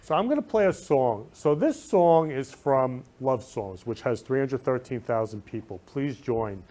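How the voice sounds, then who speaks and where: A show host delivers a casual talk show monologue from his room in an animated, unhurried, medium-pitched voice with a dark tone. He speaks effusively, repeating loving phrases and stressing them emphatically.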